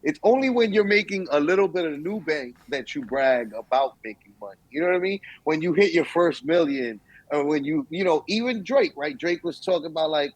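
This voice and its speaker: Animated young man, podcast co-host. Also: fairly high pitch, a little fast, hardly any pauses, no room sound, poor audio. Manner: animated storytelling, acts out quotes. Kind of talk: casual chat.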